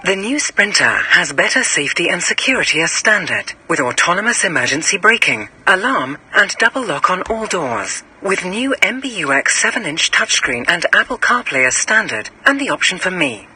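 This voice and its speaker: A woman voicing a calm, helpful in-car voice assistant in a radio advert, with a smooth, even delivery. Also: fairly low pitch, normal speed, hardly any pauses, a little hiss or hum, heavily acted. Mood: informative. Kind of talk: scripted advert read.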